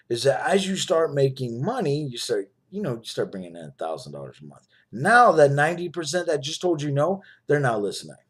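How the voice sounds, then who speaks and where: A man with a husky, slightly rough voice gives a casual, persuasive sales pitch straight to the camera. His pitch moves up and down a lot as he talks, and he keeps checking in with the listener. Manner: persuasive, repeats "right?" and "you know". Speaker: network marketing promoter.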